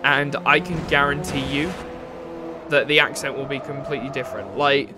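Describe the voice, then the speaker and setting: With racing-game engine noise in the background, this young English gaming streamer chats in a loose, rambling way and replies to chat. He speaks at normal speed in a steady, mid-range voice.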